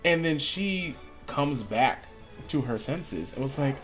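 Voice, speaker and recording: A man's voice: mid-range voice, takes it slowly, faint music behind. A man streaming a video game, chatting casually and acting out the voices of people in his story. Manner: animated storyteller, acts out quoted voices. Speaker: gaming streamer. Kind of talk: casual storytelling while gaming.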